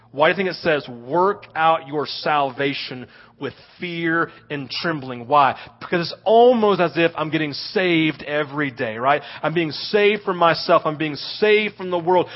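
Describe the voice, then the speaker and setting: A man preaching a sermon as a pastor, telling stories in an animated way and often asking "right?". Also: sits high, dull audio. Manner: animated storytelling with frequent "right?".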